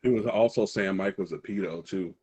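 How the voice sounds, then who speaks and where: A man's voice: deep voice, brisk, mellow, breathy edge. A man chatting on a live stream, blunt and gossipy. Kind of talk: casual stream chat.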